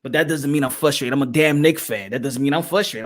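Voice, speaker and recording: A man's voice: medium pitch, brisk. A man hosting a casual livestream podcast, talking animatedly, repeating phrases and calling out to his chat. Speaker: podcast host.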